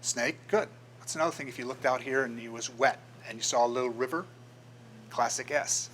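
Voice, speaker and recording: Older guy, graphic designer, chatty talk to a club, bright voice, bit of hiss behind him. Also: mid-range voice, fairly quick, low-quality recording. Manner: storytelling, acts out quoted voices. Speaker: guest speaker, graphic designer. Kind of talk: casual presentation to a club. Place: meeting room.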